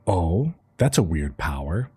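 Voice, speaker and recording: A man's voice: low voice, sing-song, unhurried, mellow, slightly rough, voice pushed down, exaggerated voice. A man voicing a male evil spirit that has possessed a boy, gloating and menacing, in a casual retelling.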